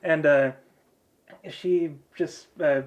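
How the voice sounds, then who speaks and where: A man's voice: on the high side, steady tone, very slow. A man narrating a tabletop game as game master, casual and full of fillers.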